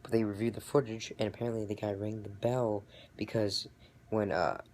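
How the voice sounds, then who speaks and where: A young man with a somewhat low voice gives a loose, chatty recap. He rambles, keeps restarting his sentences and grows excited as he retells the action. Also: normal speed, slight background noise. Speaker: vlogger reviewing wrestling. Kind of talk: casual recap.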